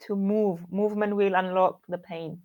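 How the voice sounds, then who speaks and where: A woman giving a live spiritual reading as a guest, speaking hesitantly with many pauses and fillers. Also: medium pitch, fairly even intonation, lo-fi sound. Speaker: guest medium.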